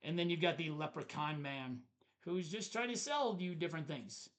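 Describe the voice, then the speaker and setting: A man's voice: on the high side, expressive, moderate pace. A man co-hosting a board game review, chatting casually as he shows the cards and chuckles at the puns. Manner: chatty, laughs at the card puns. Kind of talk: casual show-and-tell review.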